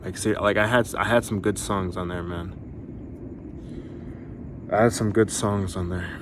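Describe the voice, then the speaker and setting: A man's voice: sits low, fairly even intonation, unhurried, background noise. A young man venting in a rambling, exasperated way, full of fillers and swearing, as he talks to his viewers. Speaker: musician vlogger. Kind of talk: frustrated venting to camera.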